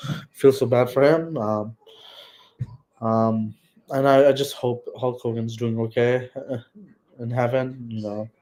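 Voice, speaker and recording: A man hosting a casual solo livestream, talking in a soft, somber, hesitant way and searching for words. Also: medium pitch, fairly even intonation, measured pace, pauses often, poor audio. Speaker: livestream host.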